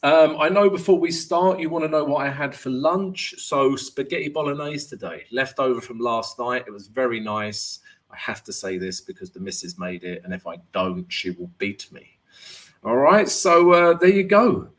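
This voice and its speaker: A man's voice: medium pitch, animated, moderate pace. A man hosting a live trading Q&A stream, chatty and joking, greeting viewers by name and dropping "right?" and "um" as he goes. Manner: fillers like "right?" and "um". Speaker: forex trading host.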